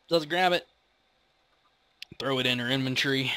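A man's voice: mid-range voice, lively intonation, slow, pauses often, pushed and bright, smooth, no room sound. A young man hosting a casual gaming video, rambling and chatty as he plays and pokes fun at himself. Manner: rambling, chatty, self-mocking. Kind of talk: casual let's-play commentary.

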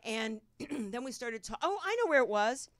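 A woman's voice: on the high side, big pitch swings, normal speed, no echo, studio quality. A woman from New Jersey with a Jersey accent, hosting a podcast in casual, rambling chat and laughing often. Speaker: podcast host. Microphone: studio mic.

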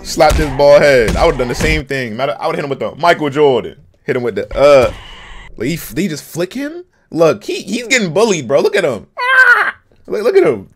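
A young man hosting a casual reaction video, full of slang and bursting into shouts and laughs at what he watches. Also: fairly high pitch, brisk. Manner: excitable, shouts and laughs at the screen, heavy slang. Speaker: reaction channel host.

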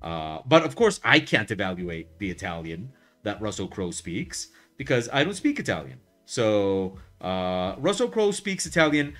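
A man's voice: lowish voice, unhurried. A man chatting casually on a live art stream, rambling with lots of fillers and restarts and telling things in a wry way. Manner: wry, lively storytelling. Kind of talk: casual chat while drawing on stream.

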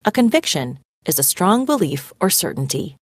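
A woman reading a story aloud expressively and pausing to define vocabulary words. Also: on the low side, no echo, studio quality. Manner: animated, dramatic storytelling. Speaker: reader.

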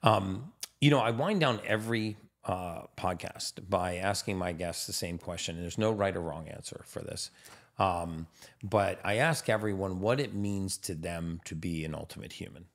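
A man hosting a relaxed podcast conversation, speaking in a very low register with a rough, gravelly edge. He sounds enthusiastic and often repeats a word or two as he gets going. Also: normal speed. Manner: enthusiastic, repeats words when starting sentences. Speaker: podcast host. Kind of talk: casual interview chat. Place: home in Miami.

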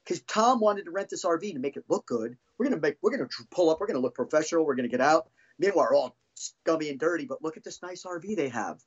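A man's voice: fairly high pitch, expressive, fast, husky, dull audio. A middle-aged man, a former band drummer, telling heated, profane stories as a podcast guest. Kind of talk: casual storytelling.

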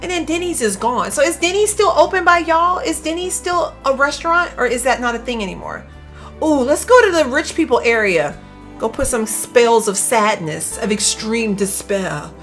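A young woman, chatting away to her viewers during a relaxed game stream. Her voice sits a little high and swings up and down a lot as she talks. Soft music plays underneath. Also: moderate pace. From Louisiana. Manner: chatty, animated, talks to chat as "y'all". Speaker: gaming streamer. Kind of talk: casual live gameplay commentary.

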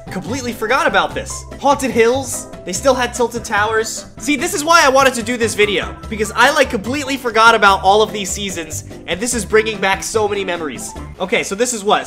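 A gaming YouTuber giving excited reaction commentary, chatty and reminiscing, bursting into shouts and exclamations. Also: medium pitch.

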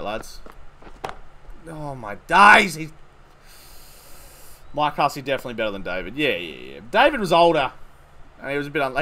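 A young man with a medium-pitched voice streams a cricket video game live, commentating excitedly, swearing and thanking his followers.

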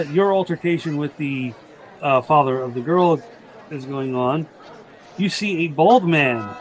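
A man runs a tabletop game, describing scenes and asking players to roll while pausing often. His voice sits a little high, and guitar music plays clearly behind him. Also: low-quality recording. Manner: descriptive, halting with fillers. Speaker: game master.

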